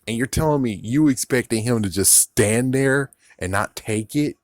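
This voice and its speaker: A man's voice: mid-range voice, moderate pace, no echo, studio quality. A man casually reviewing a show, rambling, swearing and laughing often. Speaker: YouTube reviewer.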